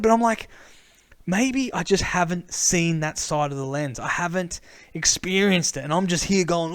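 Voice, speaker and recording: Excitable rambling man, dry sound. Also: a little high, moderate pace, dry recording. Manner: excitable, rambling, repeats himself. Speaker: camera vlogger. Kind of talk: casual rambling monologue.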